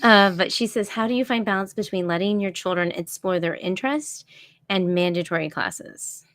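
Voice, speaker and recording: A woman's voice: medium pitch, normal speed, fairly bright tone, dry recording. A woman hosting a casual live stream, reacting and reading out viewer questions. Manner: reads audience questions aloud. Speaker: host.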